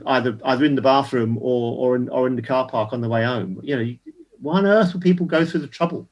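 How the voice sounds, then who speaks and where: Emphatic older man on a call. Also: medium pitch. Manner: emphatic, indignant, repeats words while building points. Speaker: guest activist. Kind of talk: casual panel discussion.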